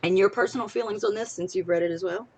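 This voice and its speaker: A young woman chatting casually as a co-host on a live stream, rambling and excitable, swinging between loud bursts and soft trailing asides. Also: medium pitch, quick pace, breathy edge. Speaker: podcast co-host.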